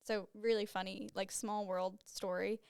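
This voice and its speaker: In this relaxed solo episode, a young woman podcast host talks openly, laughing often and leaning heavily on "like." Her medium-pitched voice stays fairly flat, slightly mellow and smooth, with vocal fry and a measured pace, captured at studio quality without echo.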